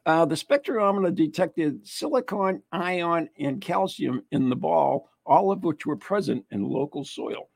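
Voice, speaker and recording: A man from the United States hosting a casual chat, reading an article aloud haltingly with asides and laughter. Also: a little high, lively intonation, gravelly, dry recording. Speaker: host.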